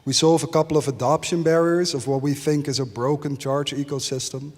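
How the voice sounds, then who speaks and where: A man's voice: fairly even intonation, a little fast, a little mellow. Confident panelist man in a big hall. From Netherlands. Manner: crisp, confident pitch with dry humor. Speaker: company founder, panelist. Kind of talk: conference panel answer. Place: conference stage in a large hall. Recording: long reverb of a large hall.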